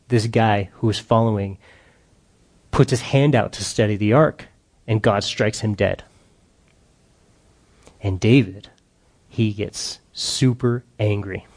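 Man, informal sermon, animated slangy storytelling, medium pitch.

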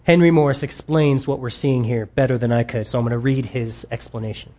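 A man's voice: medium pitch, steady tone, fairly quick, hardly any pauses, dark tone. A man preaching a sermon with enthusiasm, reading quotes aloud and exclaiming over them. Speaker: pastor.

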